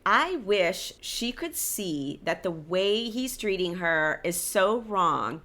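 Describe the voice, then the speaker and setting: A woman's voice: on the low side, sharp tone. A woman hosting a casual TV recap, candid and opinionated, talking straight to her viewers. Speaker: reality TV recap host.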